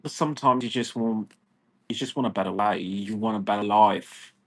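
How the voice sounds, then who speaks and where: A man's voice: on the low side, normal speed, fairly bright tone. A man in an agitated, profane, rambling personal rant, talking to camera. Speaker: vlogger. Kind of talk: ranting personal monologue.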